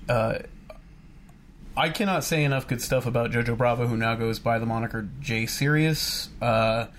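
A man with a mid-range voice, co-hosting a relaxed podcast chat. He speaks in an easygoing, earnest way. Faint room noise hangs in the background. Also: mid-range voice, normal speed. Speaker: podcast co-host. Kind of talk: casual chat.

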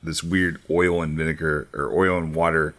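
A man's voice: rumbling low, little pitch movement, moderate pace, a bit bright. A man recapping events in loose casual chat, with many fillers and laughs.

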